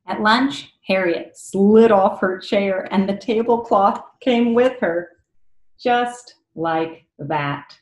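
A woman reading a picture book aloud to children, expressive and pausing to ask them questions. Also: medium pitch. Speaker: read-aloud storyteller for children. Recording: echoey room.

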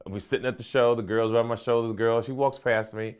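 A male comedian calmly recounting a personal story in an interview. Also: mid-range voice, fast talker, clear, resonant tone. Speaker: comedian guest.

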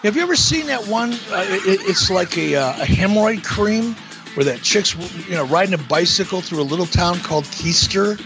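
A man's voice: sits high, lively intonation, normal speed, music in the background, rough recording. A middle-aged man chatting on a podcast, blunt and profane, telling stories with lots of energy. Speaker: podcast host, former wrestling executive. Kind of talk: casual podcast chat.

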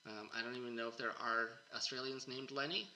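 A man's voice: mid-range voice, steady tone, a little fast, pushed and bright, a little hiss or hum, rough recording. A man hosting a podcast, chatting casually with his guest and laughing often. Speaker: podcast host. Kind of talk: casual interview chat.

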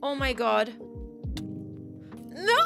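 A woman giving casual, chatty gameplay commentary, easily excited and gasping at new finds. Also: a little high. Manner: chatty, excitable, gasps at discoveries. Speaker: Minecraft gaming creator. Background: background music.

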